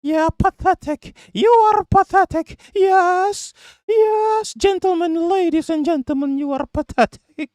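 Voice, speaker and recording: A man voicing a haughty, stuffy British man in a high, sing-song, exaggerated posh tone. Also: measured pace, darkish tone, no room sound, clean studio sound. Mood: mocking.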